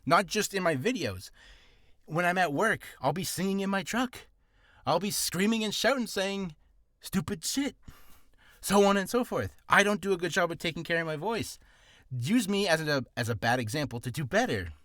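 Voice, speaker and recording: A man's voice: sits high, lively intonation, normal speed, fairly bright tone, dry recording. Guy rambling thru voice care tips, jokey, keeps correcting himself, throat a bit ticklish, dry close mic. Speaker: voice actor giving advice. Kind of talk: casual spoken video lesson.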